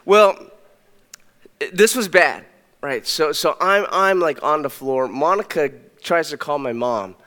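A young adult male pastor telling a personal story in a sermon, animated and conversational, with many restarts. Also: fairly high pitch, slow pace. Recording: long hall reverb.

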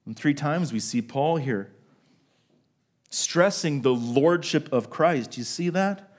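A middle-aged man preaching a sermon to a congregation, telling a story from his own working life and slowing down to stress key words. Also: on the high side, expressive. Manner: storytelling, asks the congregation questions, slows for emphasis. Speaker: pastor.

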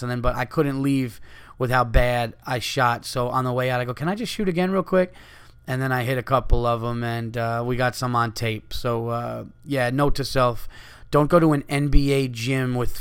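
Rambling, profane podcast host. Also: male voice, mid-range voice, fairly bright tone, clear, resonant tone. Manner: rambling, profane, full of fillers and asides. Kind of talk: casual storytelling.

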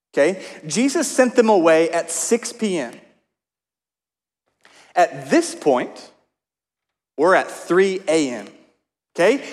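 A man with a high voice gives a sermon, mixing scripture with personal stories in a relaxed, chatty way. His words hang in a long reverb, as in a large hall. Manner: storytelling, conversational with asides. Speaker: pastor.

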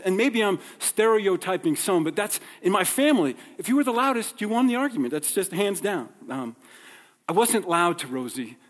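A man from New York preaching a sermon, telling stories conversationally and acting out the people in them. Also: a little high. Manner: conversational, acts out dialogue in stories. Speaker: pastor. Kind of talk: sermon with personal storytelling. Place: church sanctuary. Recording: long hall reverb.

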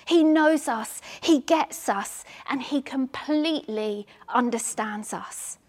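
A woman preaching a sermon in an earnest, repetitive cadence, at times sinking into hushed prayer. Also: high-pitched, takes it slowly. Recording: long hall reverb.

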